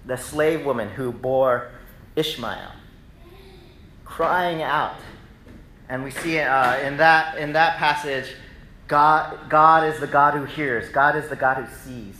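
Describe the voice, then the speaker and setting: A man preaching a sermon in a relaxed, conversational way, telling animated stories to the congregation. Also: mid-range voice, takes it slowly, reverberant, a little hiss or hum, poor audio. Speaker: pastor. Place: church sanctuary.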